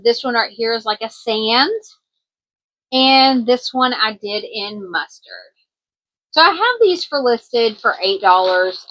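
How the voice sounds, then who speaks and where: A woman's voice: a little high, dull audio. Chatty Kentucky woman with country twang. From Kentucky, USA. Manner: chatty, rambling, many ums. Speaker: crochet vlogger and small business owner. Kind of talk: casual show-and-tell vlog.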